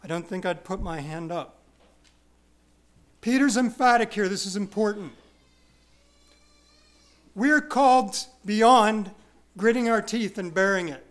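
A man preaching a verse-by-verse sermon in a high, light voice. He hammers his points home by repetition and swings from loud, drawn-out emphasis to quiet asides about himself. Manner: emphatic, repeats key words, self-deprecating asides. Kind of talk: expository sermon.

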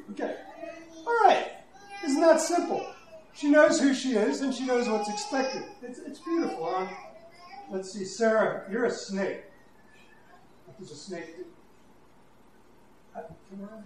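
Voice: medium pitch, animated, takes it slowly, long pauses, distant mic. Chatty preacher doing a sermon in a church, echoey room, bit of noise behind. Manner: conversational and playful. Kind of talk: sermon with a children's demonstration. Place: church hall.

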